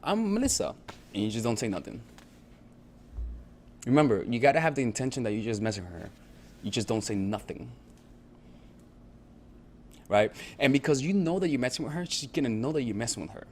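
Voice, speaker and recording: Male dating coach, casual instructional delivery, profane and repetitive, average-pitched voice, faint background hiss. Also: animated, a little fast, pauses often. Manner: conversational, repetitive check-ins, profane.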